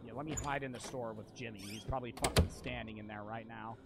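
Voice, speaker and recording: A young man streaming a horror game, swearing constantly and repeating himself as he swings between muttering and yelling. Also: mid-range voice, steady tone, fast talker, very noisy. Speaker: gaming streamer. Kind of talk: frustrated let's-play commentary.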